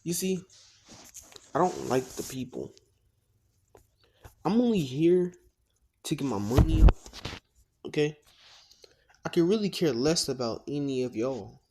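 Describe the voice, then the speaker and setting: A man's voice: fairly high pitch, very animated, slow pace, creaky, long pauses, mellow, a little hiss or hum, exaggerated voice. A man voicing a ruthless, money-driven teenage boy hero who talks bluntly with slang and profanity in a fan-made story. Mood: cocky.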